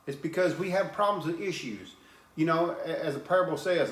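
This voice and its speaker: A man's voice: fairly high pitch, brisk. Earnest plain-spoken preacher man, echoey room. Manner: plain-spoken, repeats and restarts words, earnest. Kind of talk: informal sermon with scripture reading.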